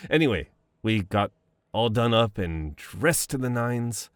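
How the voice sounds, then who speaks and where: A man's voice: medium pitch, animated, takes it slowly, no room sound. A young man playing a boyfriend in a romantic voicemail role-play, reminiscing fondly, laughing often and swearing casually.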